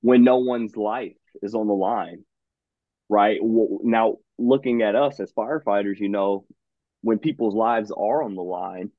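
A podcast host with a fairly low-pitched man's voice keeps a measured pace in a casual conversation. He's enthusiastic and says "man" a lot, and the dry recording sounds tinny, like a phone line.

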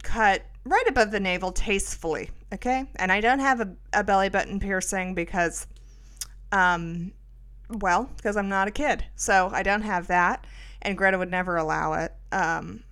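A woman's voice: mid-range voice, normal speed, fairly bright tone, clean tone. A middle-aged woman hosting a podcast, telling a rambling, self-mocking story with lots of fillers. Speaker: podcast host. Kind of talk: casual storytelling monologue.

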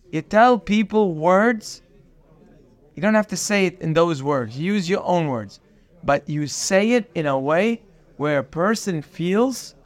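A man teaching a daily Torah class, earnest and emphatic, repeating phrases for stress and mixing in Hebrew terms. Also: sits high.

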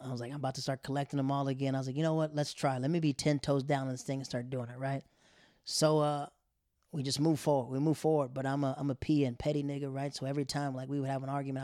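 Animated man telling a story. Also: a little high, no room sound, clean studio sound. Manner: animated, laughing, slangy asides. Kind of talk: casual storytelling.

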